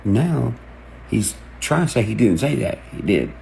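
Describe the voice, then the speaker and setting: A man with a drawl rants to his camera, swearing freely and bouncing from point to point. His voice sits low with a gravelly fry. A faint hiss hangs behind him. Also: unhurried. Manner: excited, profane, jumps between topics, acts out quotes. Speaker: online creator. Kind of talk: rambling rant to camera.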